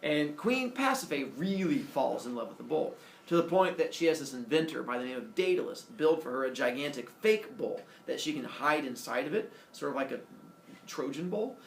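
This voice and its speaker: A man casually retelling a myth with playful, animated delivery and silly character voices. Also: on the high side, normal speed. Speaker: storyteller. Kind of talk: casual oral storytelling. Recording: echoey room, mic from far off, faint noise.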